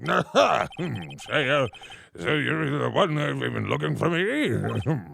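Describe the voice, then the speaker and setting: A man's voice: medium pitch, very animated, slow, fairly bright tone, slight background noise, exaggerated voice. A man voicing a grumbly, pompous older male lawyer who drawls, hesitates and chuckles. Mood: amused. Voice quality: gravelly, grumbly. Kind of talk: streamer voicing game dialogue.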